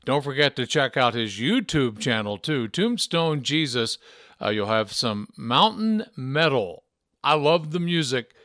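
A man's voice: mid-range voice, sing-song, measured pace, a bit bright, dry recording, studio quality. A man from Memphis co-hosting a podcast in casual chat, a chatty storyteller who laughs easily. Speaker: podcast co-host.

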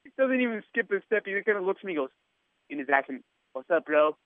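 Animated man over a tinny phone line. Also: high voice, quick pace, no room sound. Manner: animated storyteller who acts out quotes. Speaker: radio station worker telling a story. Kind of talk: casual storytelling on a podcast.

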